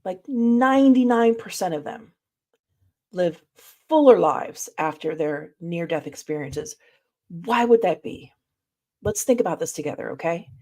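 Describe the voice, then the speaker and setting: A woman leads a reflective spiritual study session in an unhurried, deliberate delivery. Her voice sits a little low, and she turns to her listeners directly as she explains. The tone is measured throughout. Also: expressive, dark tone. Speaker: study group presenter.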